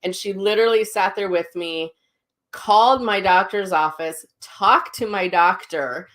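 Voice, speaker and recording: A woman's voice: medium pitch, unhurried, fairly bright tone. A middle-aged woman hosting her own show, talking casually and candidly, rambling with fillers and self-corrections. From Minnesota. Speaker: psychic medium host. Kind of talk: casual personal talk.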